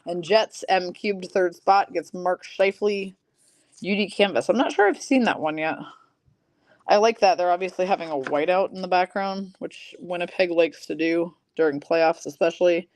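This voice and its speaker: A woman with a somewhat low voice hosts a live-streamed card break. She reads off player names and teams in a steady run and drops in casual, chatty asides to viewers. Her throat sounds a little rough, and she coughs and clears it now and then. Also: moderate pace, dry recording.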